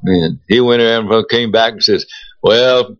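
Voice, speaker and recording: A man's voice: fairly low pitch, no room sound. An older man, telling stories in a folksy, drawling way as co-host of a casual radio chat. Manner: slow, drawling storyteller with a folksy turn of phrase. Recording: muffled, lo-fi radio recording.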